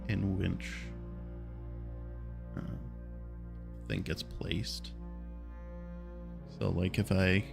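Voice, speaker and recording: A man's voice: sits low, gravelly. A man giving casual gameplay commentary, thinking aloud and often muttering questions to himself. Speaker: let's play gamer.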